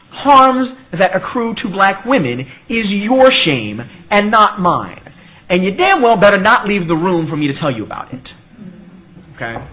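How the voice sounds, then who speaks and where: Middle-aged guy on a conference panel, high voice, really lively ups and downs, jokey and emphatic. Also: poor audio. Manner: witty, emphatic, peppered with "okay?" and "right?". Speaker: panel speaker at an academic symposium. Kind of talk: academic conference talk.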